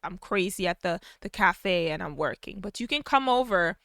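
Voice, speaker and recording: A woman voicing a gentle, evasive young woman, speaking in a quiet, soothing, hesitant way. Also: on the low side, expressive, moderate pace, dry recording, studio quality. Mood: placating.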